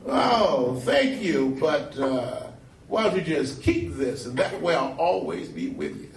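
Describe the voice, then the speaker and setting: A man doing a slow, low-drawling older comedian. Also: big pitch swings, vocal fry, slight background noise, exaggerated voice. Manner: slow, lowered, hushed drawl. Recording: echoey club, distant mic, crowd.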